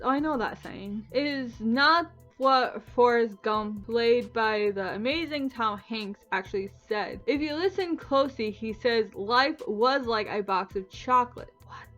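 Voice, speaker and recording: A young woman vlogging her reactions in casual, animated talk, breaking into incredulous, swearing outbursts. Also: sits high, muffled recording. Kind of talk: reacting to Mandela effects, casual vlog.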